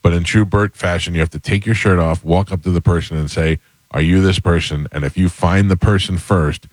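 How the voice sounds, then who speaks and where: A man in his fifties hosting a radio talk show, telling rambling stories in a relaxed, casual way. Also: deep voice, a little fast, no echo. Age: 50s. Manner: relaxed storyteller, rambling with restarts.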